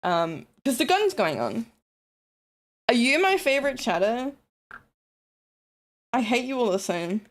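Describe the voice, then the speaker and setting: A woman's voice: fairly high pitch, sing-song, unhurried, long pauses. A woman streaming live, chatting casually and teasingly with her viewers. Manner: confused, teasing, talking to chat. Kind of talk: casual livestream chat.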